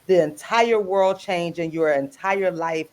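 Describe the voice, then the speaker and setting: A woman hosting a casual radio talk show, lively and chatty, greeting listeners by name. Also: on the low side, a little slow, smooth. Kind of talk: casual group chat on radio. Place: radio studio.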